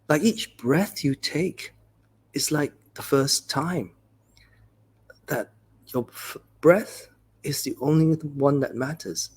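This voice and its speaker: Breathy, gentle male monk giving a dharma talk. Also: mid-range voice. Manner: gentle, conversational storytelling with many "you know"s. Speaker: Buddhist monk teacher.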